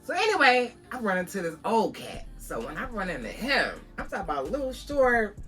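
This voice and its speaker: A woman's voice: medium pitch, huge pitch swings, fairly quick, a bit bright, faint music behind. A woman from Buffalo, New York, vlogging a casual storytime to her viewers, talking conversationally and calling her listeners "girl".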